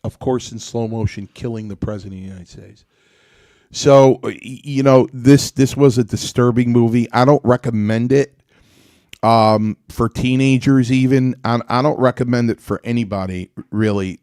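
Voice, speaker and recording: A man in casual conversation, circling back with fillers and repeated starts as he tells a story. His voice sits at an ordinary middle pitch and is recorded close and dry. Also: moderate pace, darkish tone, no room sound. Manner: rambling, many restarts and fillers. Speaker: podcast host. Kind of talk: casual chat.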